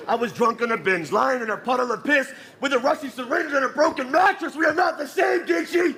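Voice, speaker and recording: Shouting Nova Scotian battle rapper, very high-pitched. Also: male voice, a little fast, hardly any pauses. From Nova Scotia, Canada. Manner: aggressive, shouted punchlines, crude taunting. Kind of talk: live battle rap verses. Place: live battle rap event with a crowd. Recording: live crowd noise around.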